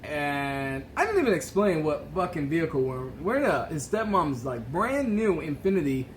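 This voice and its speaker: A man's voice: a little high, very animated, normal speed, a little hiss or hum, poor audio. A man co-hosting a podcast, telling a drinking story in casual chat, swearing freely and laughing as he goes. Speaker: podcast co-host.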